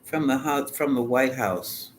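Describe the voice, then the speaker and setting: A man's voice: medium pitch, measured pace, slight background noise. A man giving a live tarot reading in a dramatic, colloquial, sassy way, sometimes dropping into whispered asides. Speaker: tarot reader.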